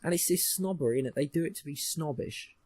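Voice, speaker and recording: A man's voice: fairly high pitch, quick pace, a little mellow, slightly rough. A young man co-hosting a podcast, ranting and mocking in casual chat, swearing often. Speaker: podcast co-host.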